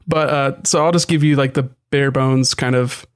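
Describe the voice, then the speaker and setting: A man's voice: mid-range voice, steady tone, moderate pace, clean tone. A young man co-hosting a podcast in casual chat, rambling with frequent restarts and asides. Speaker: podcast co-host.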